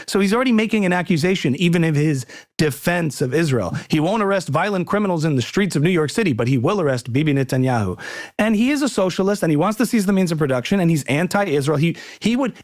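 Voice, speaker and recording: A man's voice: high-pitched, darkish tone. A male comedian as podcast guest, arguing emphatically in a heated conversation and repeating words as he starts sentences.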